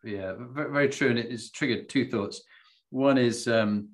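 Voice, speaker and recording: A man hosting an interview, telling stories in an animated, self-deprecating way. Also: mid-range voice, moderate pace. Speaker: podcast host. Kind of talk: casual interview chat.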